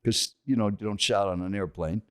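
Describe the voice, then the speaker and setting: An older man, a podcast guest, telling an animated story and questioning his listeners. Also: on the low side, brisk, clean tone.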